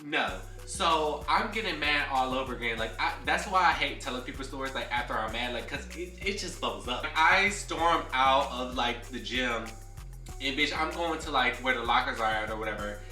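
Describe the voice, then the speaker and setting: A man's voice: mid-range voice, animated, moderate pace, sharp tone. Sassy young man telling a messy story. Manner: sassy, dramatic, swears a lot. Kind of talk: casual storytime. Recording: roomy, from a distance, faint music.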